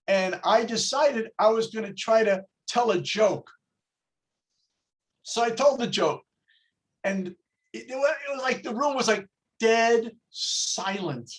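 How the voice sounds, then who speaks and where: A man teaching a religious class over a video call, telling jokes and asking rhetorical questions. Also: extremely high pitch. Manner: slow, storytelling, rhetorical questions.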